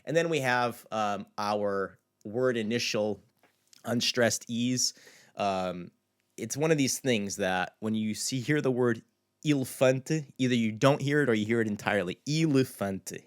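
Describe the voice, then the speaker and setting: A man with a mid-range voice teaches a language in a casual video lesson, keeping it loose and conversational with filler words. He slowly repeats words to demonstrate their pronunciation.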